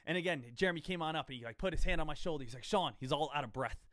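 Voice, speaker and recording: A man's voice: fairly high pitch, rapid-fire, fairly bright tone, no echo, studio quality. A man in his thirties talking casually to viewers on a live trading stream, rambling, repeating himself and quizzing his audience. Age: 30s.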